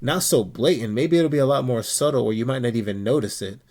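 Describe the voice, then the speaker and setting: A man's voice: mid-range voice, fast talker, darkish tone. A male streamer talking casually and bluntly to his chat, swearing often and getting worked up.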